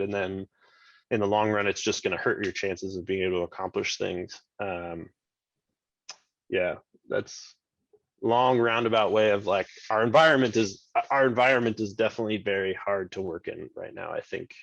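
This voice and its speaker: A man's voice: on the low side, moderate pace, gravelly, fairly bright tone, no echo. Rambling man, dull dry recording. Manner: rambling, heavy "like" fillers, frequent restarts. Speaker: podcast guest, state government chief of staff. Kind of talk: casual interview storytelling.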